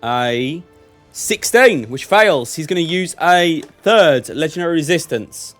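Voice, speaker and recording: A young man acting as game master, narrating a tabletop game in a lively, chatty way. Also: fairly high pitch, measured pace, faint music behind.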